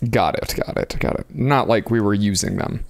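A man's voice: on the low side, normal speed, creaky, no echo. A man co-hosting a podcast, reading out notes in casual chat with wry, self-deprecating asides. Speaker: podcast co-host.

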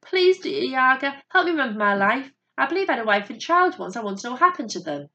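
A woman's voice: fairly low pitch, lively intonation, fairly quick, bright, forceful tone, muffled recording. A woman voicing an old bear king who is proud but tired and pleading.

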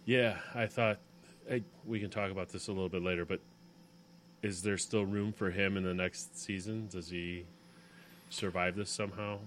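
Bright-toned enthusiastic male podcaster. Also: deep voice, steady tone, moderate pace, slight background noise. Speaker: podcast co-host. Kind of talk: casual podcast chat.

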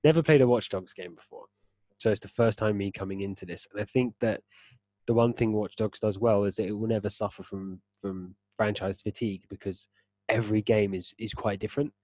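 A young man in a chatty, explanatory podcast conversation who laughs easily. His voice sits low. The sound is dry and close, with no room echo. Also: steady tone, fairly quick, darkish tone. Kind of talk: casual gaming chat.

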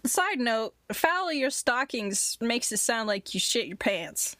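A woman's voice: on the high side, sing-song, slow, bright, forceful tone, no echo. A young woman co-hosting a podcast in casual chat, with wry, teasing asides. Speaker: podcast co-host.

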